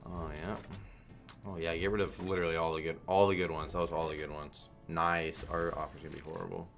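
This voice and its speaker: Deep-voiced man swearing through commentary. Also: little pitch movement, fairly quick, creaky, fairly bright tone, soft background music. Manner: frustrated, swearing, thinking aloud. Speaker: online slot streamer. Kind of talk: casual profane play-by-play commentary.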